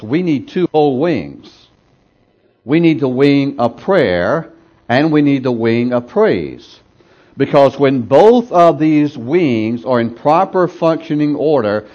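A man's voice: mid-range voice, a little mellow, muffled recording. A man preaching a sermon, emphatic and repeating phrases for effect, asking the congregation to answer him. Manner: asks the congregation for responses.

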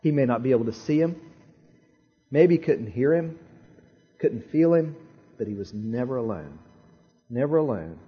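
Husky-voiced man preaching a sermon. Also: medium pitch, muffled recording. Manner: animated storyteller, dramatic pauses and repetitions. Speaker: pastor. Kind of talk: sermon storytelling.

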